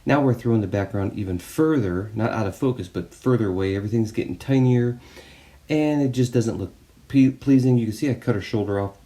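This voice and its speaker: A man hosting a photography video, walking briskly through his shots and giving his opinions. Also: on the low side, dark tone. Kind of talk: casual review talk. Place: indoors at a tablet.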